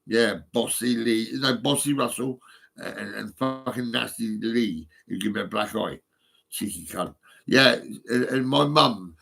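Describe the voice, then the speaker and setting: A man's voice: lowish voice, vocal fry, sharp tone, breathy edge. A man, talking live on a stream in a rambling way, swearing often, with many fillers and restarts. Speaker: livestreaming vlogger.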